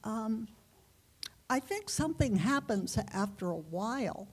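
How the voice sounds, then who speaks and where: A woman being interviewed as a guest author, answering in an unhurried, reflective way with pauses and fillers. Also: on the high side, sing-song, husky. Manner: unhurried, reflective, halting with fillers and light laughs.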